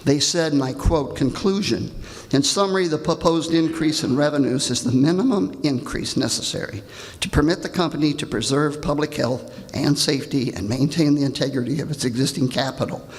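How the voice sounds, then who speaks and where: An older man with a gravelly voice, reading a pointed, indignant prepared comment at a public hearing. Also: on the high side, fairly quick. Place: large hall. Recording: reverberant hall.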